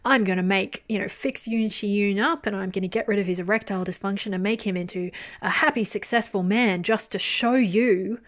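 Quick take on a smug drama heroine, boasting bluntly, as a woman acts her out. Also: medium pitch, lightly acted. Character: self-centred proud young woman, drama heroine.

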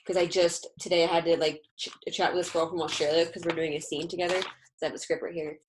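A woman guest in a casual podcast chat, animated and gushing in quick bursts. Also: lowish voice, noisy background.

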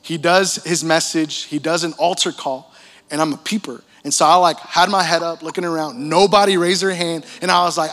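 A young man preaching, telling his story in an animated, casual way with slang and frequent laughter. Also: a little high, brisk. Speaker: pastor. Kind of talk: sermon testimony. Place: large church hall. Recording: church hall reverb with music.

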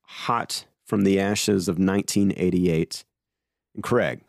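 A man's voice: deep voice, slow pace, creaky, dry recording. A man hosting a casual film podcast, playful and joking, playing a studio boss. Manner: playful, role-plays a studio mogul. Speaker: podcast host. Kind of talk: casual chat about films.

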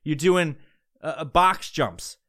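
A man's voice: on the high side, slow, a bit bright. A young man hosting a podcast, ranting comedically with heavy profanity and exasperation. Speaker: podcast host. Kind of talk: comedic rant.

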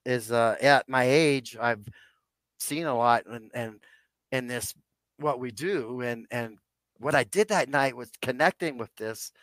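A man's voice: medium pitch, a bit bright, no echo. A man in his sixties, a podcast guest, telling a personal story in a rambling way and calling his listeners "guys". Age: 60s.

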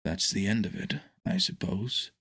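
A weary hermit, resigned and downcast, as a man reads him aloud. He talks slowly and quietly, a little lower than the reader's own voice, with a husky edge. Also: sing-song, no echo, clean studio sound, exaggerated voice. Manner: slow, resigned and low.

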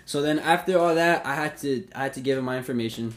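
A young man, hosting a podcast and telling a story in a profane, animated way with acted-out quotes. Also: mid-range voice, fast. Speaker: podcast host. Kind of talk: casual storytelling.

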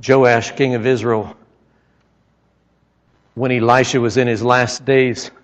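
A man's voice: medium pitch, little pitch movement, slow pace. A man preaching a sermon, telling stories with dramatic retellings and emphatic outbursts. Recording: echoey hall, dull lo-fi sound.

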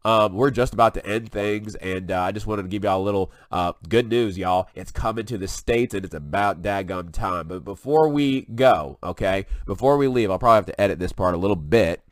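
A man hosting a casual preaching vlog, excitable and folksy as he talks through what is on his screen. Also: lowish voice, brisk, hardly any pauses, no echo. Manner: excitable, folksy, drawls "y'all". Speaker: online video host.

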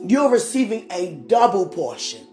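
A woman preaching a sermon with passion, rising to shouts and calling on the congregation. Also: mid-range voice, big pitch swings, normal speed. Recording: echoey room with faint music.

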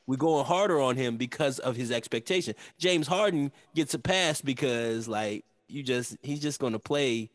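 A man's voice: mid-range voice, moderate pace, hardly any pauses. A man hosting a casual sports podcast, asking teasing questions with frequent stammered restarts. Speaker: podcast host.

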